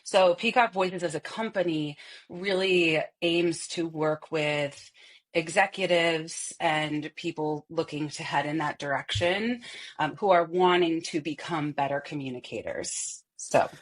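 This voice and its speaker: A woman voice coach and company head explaining her work in an interview, animated and clear. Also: low voice, a little slow. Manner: animated, explains with vocal demonstrations.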